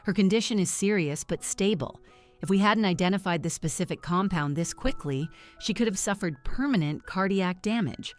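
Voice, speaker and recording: A woman voicing a female hospital doctor who explains results in a calm, clinical way. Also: mid-range voice, normal speed, faint music behind, natural voice.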